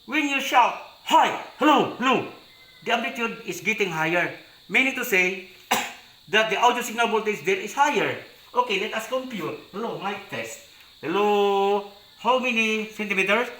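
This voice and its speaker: A man with a high, bright voice walks through an electronics lab demonstration, explaining each step and checking in with "okay?" as he goes. The sound is echoey, as if recorded in a bare room. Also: moderate pace. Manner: explanatory, repeats mic tests and tag questions like "no?". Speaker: electronics teacher.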